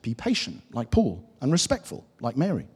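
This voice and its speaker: A man's voice: mid-range voice, huge pitch swings, normal speed, darkish tone, husky, exaggerated voice. A man voicing a guilty, upset little girl in a children's story, in an earnest, fretful way. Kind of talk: reading a children's storybook aloud. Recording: echoey hall.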